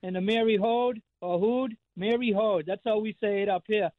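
Phone-quality sound without echo carries this high-pitched, slightly fast voice. It belongs to a Boston-area man in his fifties, a regular radio caller whose casual chat meanders through stories with many fillers and restarts.

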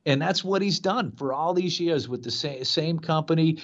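A man's voice: on the high side, normal speed, lo-fi sound. A man in his fifties, from Boston, hosting a radio show and telling rambling stories with many fillers. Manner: rambling, chatty, frequent fillers. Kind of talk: casual radio storytelling.

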